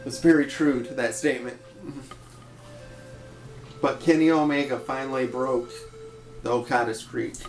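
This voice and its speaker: Male podcast co-host, slow and even, roomy sound, faint music behind. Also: medium pitch. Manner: steady recapping of results, laughs along. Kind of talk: casual wrestling recap.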